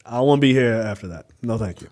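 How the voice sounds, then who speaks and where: A man's voice: medium pitch, expressive, fast talker, a little mellow. A man in his thirties co-hosting a podcast, casually retelling a movie with lots of swearing and laid-back storytelling. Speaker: podcast co-host. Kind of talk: casual movie review chat.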